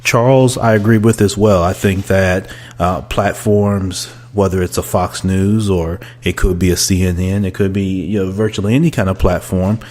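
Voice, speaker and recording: A man hosting a podcast, giving relaxed spoken commentary and thinking aloud with fillers. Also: low-pitched, normal speed, hardly any pauses. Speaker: podcast host. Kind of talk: casual commentary.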